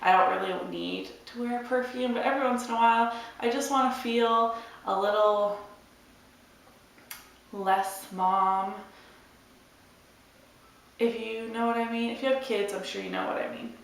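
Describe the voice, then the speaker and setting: Young woman, hoarse, creaky voice, chatty vlog, echoey room off-mic. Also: a little high, fairly even intonation, unhurried, long pauses, recorded from a distance. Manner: rambling, chatty. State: hoarse, losing her voice. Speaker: beauty vlogger. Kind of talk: casual chat to camera.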